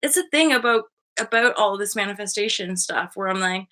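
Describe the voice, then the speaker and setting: Bubbly woman in her thirties, bright voice. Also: medium pitch, lively intonation, a little fast, few pauses. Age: 30s. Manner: bubbly, swears a lot, laughs often; acts out voices in her stories. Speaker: host. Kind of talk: casual live-stream chat.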